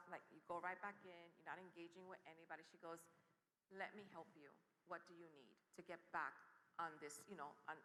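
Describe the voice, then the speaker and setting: A woman from the Bronx telling a personal story on a conference stage, lively and laughing, acting out what others said. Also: lowish voice. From the Bronx, New York. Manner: lively, laughing, acts out quotes. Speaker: panel speaker. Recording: reverberant hall.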